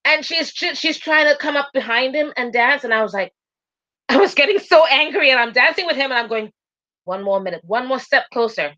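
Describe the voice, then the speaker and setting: A woman's voice: sits high, fairly quick, pushed and bright, dull audio. A woman co-hosting a casual live talk show, telling stories animatedly and laughing often. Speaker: co-host. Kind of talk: casual chat.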